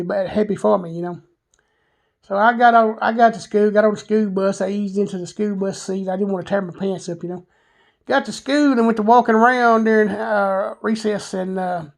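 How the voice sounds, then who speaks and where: Gravelly Southern man telling stories. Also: high-pitched, fairly even intonation, normal speed. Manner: rambling, candid, self-deprecating, many filler words. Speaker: vlogger. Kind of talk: personal storytelling monologue.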